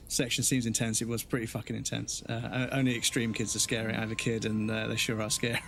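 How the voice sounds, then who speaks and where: A man's voice: mid-range voice, flat delivery, brisk, vocal fry, a bit bright, a little hiss or hum. A man streaming a game, a father, ranting bluntly and swearing in casual talk. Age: adult with children. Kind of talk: casual live-stream rant.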